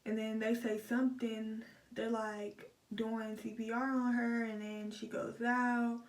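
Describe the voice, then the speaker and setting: A woman's voice: fairly high pitch, flat delivery, measured pace. A young adult woman talking candidly to her phone camera in a storytime vlog, with lots of swearing and "like" fillers. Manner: raw, candid, profane, heavy filler "like". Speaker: vlogger. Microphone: old phone camera. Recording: roomy sound from a distant phone.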